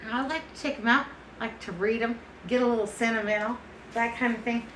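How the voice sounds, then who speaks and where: A woman's voice: a little high, steady tone, fairly quick, a bit bright, a little hiss or hum. Chatty woman in an echoey room. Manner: chatty, affectionate, calls people honey and baby. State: unsteady and foggy-headed. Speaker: vlogger. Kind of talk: casual chat to camera.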